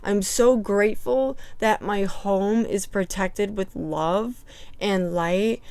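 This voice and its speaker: A woman vlogger tells a story on a casual house tour, chatty and emphatic, breaking into nervous laughs. Her voice is clear and smooth, and her pace is unhurried. The clip-on mic sounds close and dry, with little room sound. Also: mid-range voice, darkish tone, no echo. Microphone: clip-on microphone.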